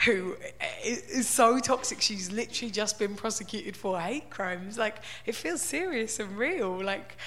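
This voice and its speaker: A woman's voice: mid-range voice, animated, unhurried, hardly any pauses. A woman giving a wry, conversational stand-up style talk full of "like" and "right?". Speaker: comedian.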